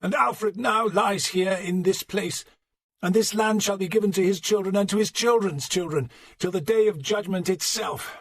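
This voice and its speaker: A man voicing a stern old archbishop who preaches a funeral sermon in a hoarse, fervent, rising voice. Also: sits high, normal speed, no room sound, voice pushed up.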